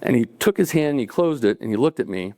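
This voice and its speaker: Male storyteller, mid-pitched and casual, recorded close and dry on a cafe stage. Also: lively intonation, fast, dark tone, no room sound. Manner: conversational, acting out dialogue, chuckling between lines. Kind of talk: live storytelling to an audience.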